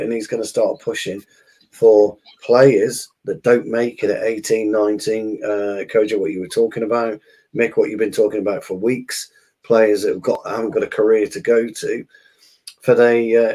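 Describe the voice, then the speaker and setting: A man co-hosting a football podcast, talking thoughtfully with many pauses and fillers. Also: fairly low pitch, mellow. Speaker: podcast co-host. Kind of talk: casual football podcast chat.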